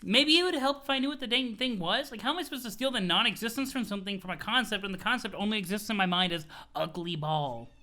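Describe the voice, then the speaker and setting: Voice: medium pitch, fast talker, hardly any pauses, bright, forceful tone, lightly acted. A streamer voicing a flippant, sarcastic young woman who puts herself down. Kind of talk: reading a webcomic aloud with voices.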